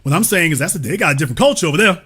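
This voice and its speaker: An American man holds forth in an impassioned talk, his voice bright and forceful with a lively, swooping pitch. He builds his points like a preacher, hammering lines again and again. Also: racing, breathy edge. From United States. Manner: emphatic, preacher-like, repeats lines for effect. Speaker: commentator in a cultural discussion.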